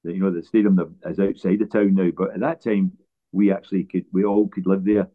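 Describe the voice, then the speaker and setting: A Scottish former footballer tells long stories in a relaxed interview, often restarting his sentences as he goes. His voice sits very low. The sound is thin and phone-like. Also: brisk. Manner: rambling anecdotes with frequent restarts. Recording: tinny phone-like line.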